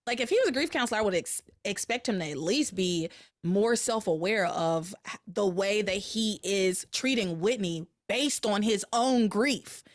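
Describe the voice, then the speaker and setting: A woman hosting a podcast, chatting casually as she recaps a soap opera episode and jumps up in pitch when something excites her. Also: moderate pace, no echo, studio quality. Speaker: podcast host.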